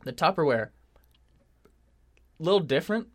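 A man co-hosting a podcast in casual chat, animated, swearing freely and laughing often. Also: on the high side, measured pace, slightly rough. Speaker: podcast co-host.

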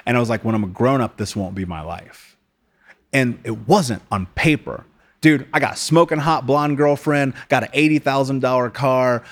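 Blunt, profane man telling his story. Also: a little high. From United States. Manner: blunt and profane, calls people dude. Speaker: podcast guest. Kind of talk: casual interview storytelling.

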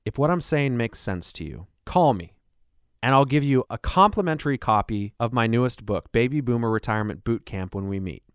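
A man speaking as a financial advisor in a radio advertisement, making an earnest, persuasive pitch full of rhetorical questions. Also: expressive, fairly quick, clear, resonant tone, no echo, studio quality.

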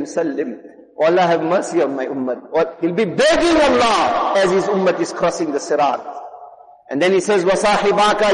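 A man preaching a sermon with fervour, moving between chanted Arabic recitation and soft, hushed English storytelling. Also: high voice. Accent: South African. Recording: long hall reverb, crowd audible.

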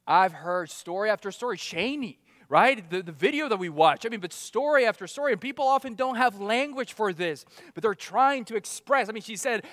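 A man with a high, ringing voice delivers a sermon, pressing his points with questions and sudden drops to near-quiet. The close sound has a long hall reverb trailing behind it. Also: expressive, normal speed, hardly any pauses. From outside America. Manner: emphatic, rising and falling, rhetorical questions. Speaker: pastor.

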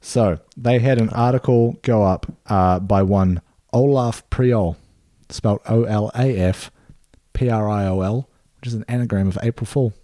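A man talks through a story at an easy, meandering pace, full of ums and casual swearing. His voice sits low and mellow. The sound is dry and close. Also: normal speed, no echo. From New Zealand. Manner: laid-back, rambling, many fillers and swearing. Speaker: podcast co-host. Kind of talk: casual chat.

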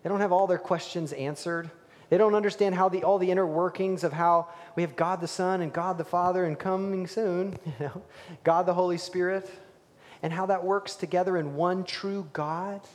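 A male pastor delivers a sermon with animated energy, rising to loud emphasis and dropping to near-whispers. His voice sits a little high, and it rings out in a hall with a long reverb tail. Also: moderate pace.

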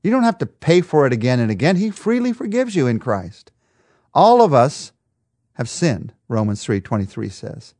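A man's voice: mid-range voice, big pitch swings, normal speed, a little mellow, dry recording, clean studio sound. A man preaching a devotional sermon, emphatic, with a repetitive rhetorical rhythm.

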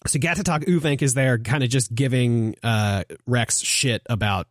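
A man's voice: mid-range voice, normal speed, no room sound, studio quality. A man co-hosting a podcast in casual chat, rambling with lots of filler words and acting out quoted lines. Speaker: podcast co-host.

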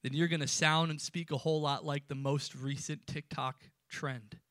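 Guy preaching a youth sermon, bright sharp voice, kinda high, dry close sound. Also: steady tone, moderate pace, dry recording. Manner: emphatic preaching with sudden drops to quiet. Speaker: pastor.

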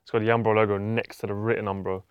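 A man co-hosting a football podcast in casual chat, with quick, enthusiastic interjections. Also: on the low side, flat delivery, smooth, no echo, lo-fi sound. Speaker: co-host.

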